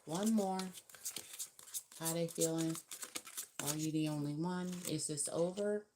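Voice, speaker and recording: Woman, low voice, chatty live-stream tarot reader with emphatic spiritual asides. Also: measured pace, noisy background.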